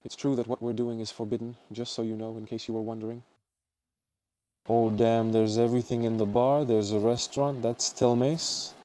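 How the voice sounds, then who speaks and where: A man with a warm, low-toned voice talks viewers through an exploration vlog. He is excitable and exclamatory as he points things out. A faint ambient hum sits behind him. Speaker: urban explorer vlogger.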